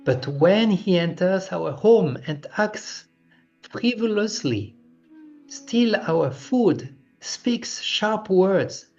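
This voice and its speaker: A man reading aloud gives the long complaint of exasperated village women in his own steady voice. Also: sits high, extremely slow, full character voice. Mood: complaining. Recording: dull lo-fi recording with faint music.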